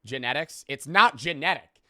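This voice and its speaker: A young man from the United States, a streamer, reacting to videos in casual commentary, excitable and swearing a lot, on a close mic. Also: a little high, no echo. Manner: excitable, heavy swearing, quick restarts.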